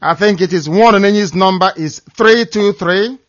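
A man's voice: high-pitched, normal speed, no echo. A man hosting a call-in radio show, speaking passionately and repeating words for emphasis. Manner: impassioned, repetitive emphasis. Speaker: radio host. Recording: dull lo-fi dry sound.

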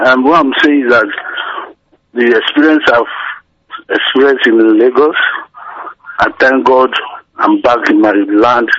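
A man with a Nigerian accent calling in to a radio show. He speaks passionately, in a halting, plain-spoken way. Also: mid-range voice, no echo. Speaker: caller. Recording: muffled dry phone call.

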